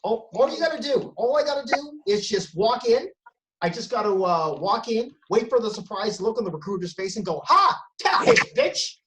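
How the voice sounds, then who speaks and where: Punchy, profane stand-up comic. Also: male voice, sits high, lively intonation, brisk, noisy background. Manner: profane, punchy delivery with self-corrections and sudden emphasis. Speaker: stand-up comedian. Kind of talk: stand-up comedy set. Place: at home, self-isolating. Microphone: video call.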